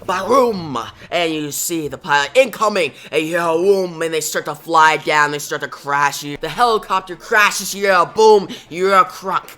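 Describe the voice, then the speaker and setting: A man casually retelling a comic book story, excited and talking to his viewers directly. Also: on the high side, moderate pace, hardly any pauses, clear, resonant tone. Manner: excited, addresses viewers as guys. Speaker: comic reviewer.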